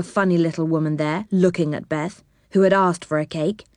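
Lady reading a kids' storybook, gentle and expressive, dry mic. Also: fairly low pitch, moderate pace, no room sound. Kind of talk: reading a children's storybook aloud.

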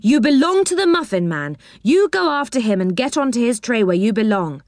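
A woman's voice: a little high, sing-song, brisk, a little mellow, dry recording, clean studio sound, pitched above the performer's own voice. A woman voicing Joe, an earnest boy who takes charge, in a storybook reading. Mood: firm. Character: bossy eager boy Joe.

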